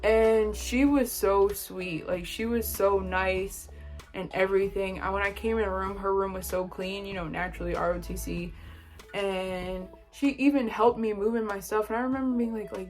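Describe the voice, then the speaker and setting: A young woman vlogging, telling a casual story from college and quoting people in animated bursts. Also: mid-range voice, normal speed, soft background music. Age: young adult.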